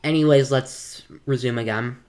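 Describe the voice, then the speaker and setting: A woman reacting to a gameplay video with relaxed, amused comments. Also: extremely low pitch, normal speed.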